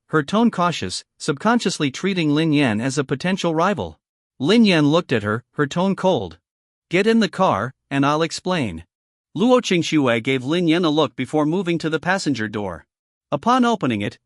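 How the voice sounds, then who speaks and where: A man's voice: a little high, dry recording, clean studio sound. A man narrating a story recap in a scripted style, reading every character's lines in his own voice.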